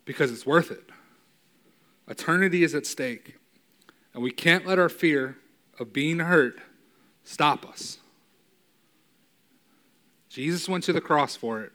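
Emotional, conversational male preacher. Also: on the high side. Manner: emotional, builds to loud emphatic peaks; casual, conversational with fillers like "right?". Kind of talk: sermon.

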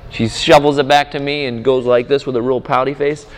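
Preaching at a conference, a campus minister and conference speaker talks a little fast at medium pitch as he shares a family story in his sermon. He animatedly voices his small daughter, all in an echoey hall with long reverb.

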